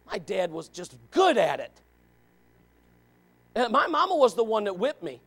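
A man in his forties preaching a sermon in church, animated and questioning, swinging from loud to quiet. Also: sits high, unhurried, husky. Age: 40s.

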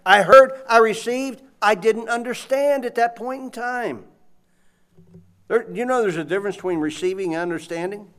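High-voiced preacher man. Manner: animated, conversational, audience call-and-response. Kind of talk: sermon.

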